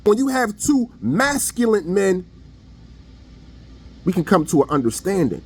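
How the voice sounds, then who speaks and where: A man with a high, light voice talks straight to his audience in a casual opinion monologue. His delivery is blunt and preachy, full of everyday slang. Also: sing-song, unhurried, long pauses, darkish tone, slightly rough. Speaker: online commentator.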